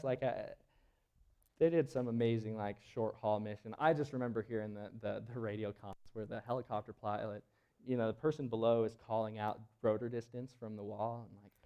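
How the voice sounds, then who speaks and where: A man's voice: lowish voice, dark tone, clean tone, lo-fi sound. A man who is a search and rescue team member, telling a story during a live presentation in an auditorium in a casual, rambling way full of fillers and restarts. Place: auditorium at a public event.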